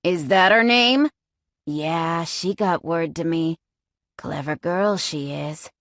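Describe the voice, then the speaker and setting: Woman doing a cruel male captor, audiobook villain, low murmur, very slow, menacing, dry close sound. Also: fairly bright tone, dry recording. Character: sadistic, taunting adult male captor.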